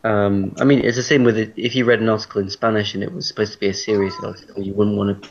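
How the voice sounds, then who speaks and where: A man's voice: fairly low pitch, little pitch movement, quick pace. A man teaching an online English class, explaining casually with spoken examples over a video call. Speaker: English tutor. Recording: dull lo-fi video call audio.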